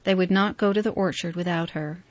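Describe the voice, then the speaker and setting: A woman narrates a story aloud in a steady, measured voice. The recording sounds dry and slightly muffled, a plain lo-fi capture. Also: fairly low pitch, no echo. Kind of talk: audiobook narration.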